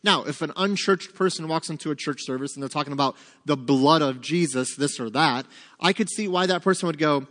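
A man's voice: fairly high pitch, fairly quick, a bit bright. Man teaching Scripture in a hall. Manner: asks the class questions, then answers them. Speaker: Bible teacher. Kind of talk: interactive Bible study teaching.

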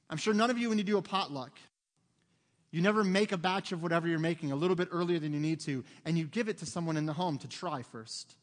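Man, pastor, high voice, joking sermon, self-mocking, acted-out lines, church reverb. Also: fast, a bit bright. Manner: humorous, self-mocking storytelling with acted-out quotes. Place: church sanctuary.

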